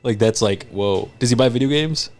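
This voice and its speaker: A man co-hosting a podcast, teasing his friends in lively slang-heavy banter. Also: medium pitch, moderate pace. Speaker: podcast co-host.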